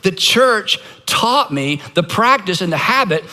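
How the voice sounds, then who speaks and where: A man's voice: high-pitched, expressive, unhurried, sharp tone. A man from Georgia, a pastor giving a conversational sermon, earnest with self-deprecating asides. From Georgia, United States.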